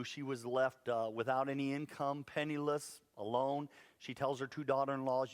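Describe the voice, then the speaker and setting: A man preaching a sermon, telling a Bible story in a lively way with playful asides. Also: mid-range voice, moderate pace, hardly any pauses, smooth, long reverb tail. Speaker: pastor. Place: church sanctuary.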